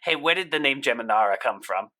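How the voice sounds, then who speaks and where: A man joins a tabletop game with wry, dry remarks. His voice is bright and forceful, at a middle pitch. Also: expressive, fast talker. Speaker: player. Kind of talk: casual tabletop play.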